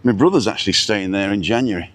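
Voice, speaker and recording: A middle-aged man hosts a casual outdoor live stream overlooking hotels, his voice on the low side with lively intonation and a fast pace. He rambles, reading out viewers' names with small asides. The camera sits in front of him, and there's no echo.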